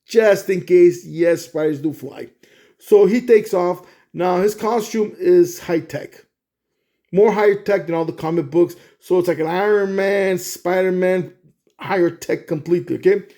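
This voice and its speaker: Rambling high-voiced man telling a plot. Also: measured pace, mellow. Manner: rambling, full of restarts and "okay?" check-ins. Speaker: film fan pitching a movie plot. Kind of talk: casual storytelling monologue.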